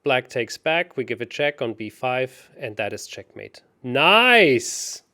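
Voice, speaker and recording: A man co-hosting a chess show, working through puzzles out loud in a hesitant, self-mocking way. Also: mid-range voice, moderate pace. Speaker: chess co-host solving puzzles. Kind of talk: casual puzzle-solving chat.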